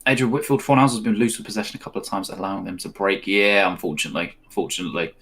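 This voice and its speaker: A man's voice: sits low, racing, fairly bright tone. A man co-hosting a casual live football watch-along, mixing play-by-play with rambling chat. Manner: chatty, rambling, with fillers and laughs. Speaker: co-host of a match watch-along.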